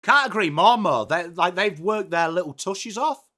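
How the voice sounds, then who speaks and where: A man hosting a live football watchalong, reacting excitedly and chatting with viewers by name. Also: high-pitched, moderate pace. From England. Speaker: live-stream watchalong host. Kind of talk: live sports reaction and chat.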